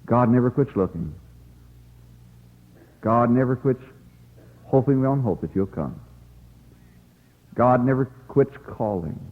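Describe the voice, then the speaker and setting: A man's voice: mid-range voice, animated, takes it slowly, pauses often, big-room sound, narrow, tinny audio. A man preaching a revival sermon in a folksy, pleading way, telling the story dramatically as an evangelist.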